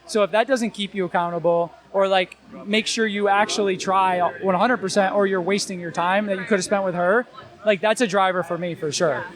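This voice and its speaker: A man's voice: sits high, fairly even intonation, brisk, a crowd in the background. A young man chatting loosely in an interview, his talk full of filler words. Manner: rambling, many filler "like"s. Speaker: gym owner and new father. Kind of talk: casual interview chat.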